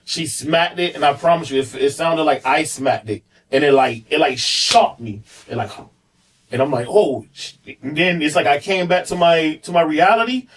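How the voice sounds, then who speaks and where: A man's voice: on the high side, normal speed, fairly bright tone, distant mic, slight background noise, low-quality recording. A man on a podcast, candidly telling a personal story in a rambling way, full of fillers and repeats. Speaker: podcast guest, police officer.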